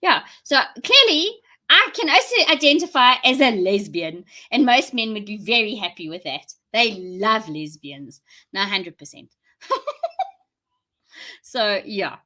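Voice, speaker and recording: A woman's voice: mid-range voice, animated, a little slow, bright, forceful tone. A woman with a South African accent, chatting casually and rambling to viewers during a live stream, laughing often. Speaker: livestream host.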